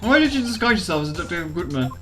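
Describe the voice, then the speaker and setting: A woman voicing a cool, sharp male prosecutor who asks measured, probing questions. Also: fairly low pitch, sing-song, soft background music.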